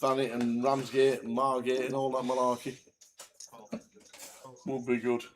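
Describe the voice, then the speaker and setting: A man's voice: medium pitch, monotone, a little slow. A man commentating on a live poker event in a chatty, amused, often laughing manner. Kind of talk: casual live commentary banter.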